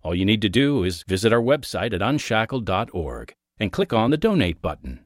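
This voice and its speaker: A man's voice: lowish voice, sing-song, a little fast, no room sound, studio quality. A man reading an earnest, scripted donation appeal as a ministry announcer.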